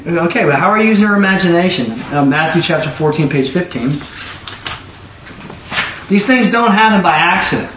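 A man delivers a conversational sermon, animated and full of asides, slipping into little acted-out voices. His voice sits a touch high. He is recorded from a distance in an echoey room with faint ambient noise behind him. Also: a little fast, pauses often. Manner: animated, acts out quoted voices, rambling asides. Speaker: preacher.

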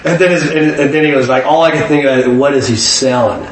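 A man telling a personal faith story in an animated way, often restarting his sentences. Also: mid-range voice, fast talker, slight background noise. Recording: echoey room, mic at a distance.

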